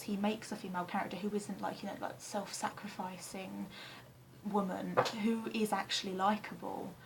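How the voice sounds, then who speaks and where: A woman's voice: medium pitch, vocal fry, a little hiss or hum, rough recording. Rambling, self-deprecating young woman vlogger. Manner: rambling, self-deprecating, frequent ums, sweary. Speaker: vlogger answering a tag questionnaire. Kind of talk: casual chat. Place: flat, indoors.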